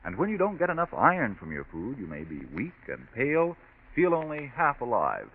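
Lively-voiced old-time radio announcer, man. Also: mid-range voice, fairly quick. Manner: smooth, persuasive, formal address. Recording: tinny scratchy old radio broadcast.

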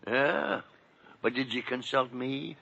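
An actor playing a gruff, teasing veteran male doctor with a cold, in 1940s radio style. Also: mid-range voice, slow, pushed and bright, full character voice. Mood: scolding. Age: older. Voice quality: gravelly, teasing. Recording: dull 1940s radio recording.

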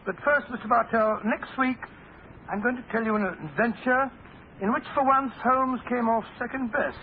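Genial Doctor Watson, high-voiced. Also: male voice, moderate pace. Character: genial older male doctor companion. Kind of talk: 1940s radio acting. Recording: tinny old radio broadcast, faint hiss.

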